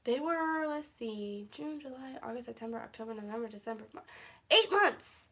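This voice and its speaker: Young woman, somewhat high voice, casual phone vlog, rambling, easily sidetracked, laughs a lot. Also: expressive, moderate pace, a bit bright. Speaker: vlogger. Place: at home, indoors.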